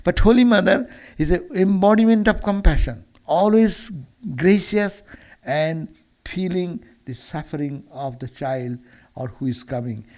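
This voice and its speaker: Gravelly-voiced monk telling a sermon story. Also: male voice, high voice, measured pace, darkish tone. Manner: earnest, with frequent restarts and repeated words. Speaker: monk giving a Sunday lecture.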